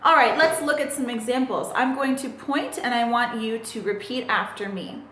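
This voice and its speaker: A woman's voice: a little high, moderate pace, fairly bright tone, slight background noise. A woman teaching English grammar in a recorded lesson, patiently spelling out letters and asking the listener questions. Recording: echoey room.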